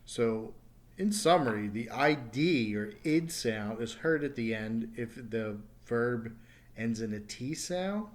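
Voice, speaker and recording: Man, English pronunciation lesson, careful drawn-out example words, mid-range voice. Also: medium pitch, lively intonation. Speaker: ESL teacher.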